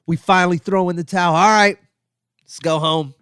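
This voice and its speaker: A man spins a rambling travel story with loose, animated delivery. His voice sits a little high for a man. The sound is close and dry, with no room around it. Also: fast, smooth, no room sound. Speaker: comedian and podcast host.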